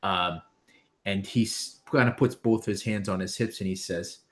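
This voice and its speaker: A man's voice: sits low, steady tone, normal speed, fairly bright tone. A man running a tabletop game as game master, narrating loosely with many fillers.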